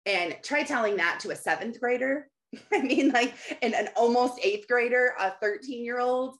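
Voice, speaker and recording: A woman's voice: a little high, moderate pace, a bit bright. Earnest mother with run-on lists. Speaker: mother giving life advice. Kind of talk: candid motivational monologue.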